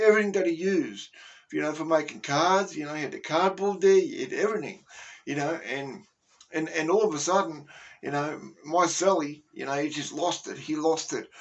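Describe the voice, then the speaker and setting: A man with an Australian accent, telling a story from his prison days in a rambling, profane way, full of "you know" and "right". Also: fairly high pitch. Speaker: former inmate storyteller. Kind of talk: casual storytelling.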